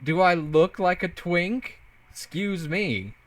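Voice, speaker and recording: A man's voice: sits high, slow pace, slight background noise. A young man streaming a game, bantering playfully with his chat and laughing often. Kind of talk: casual live-stream chat while gaming.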